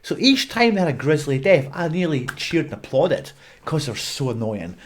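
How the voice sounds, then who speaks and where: A man's voice: a little high, very animated, normal speed. Swearing Scottish man ranting about films. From Scotland. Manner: blunt, swearing, exasperated ranting. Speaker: movie reviewer. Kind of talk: ranting film review vlog.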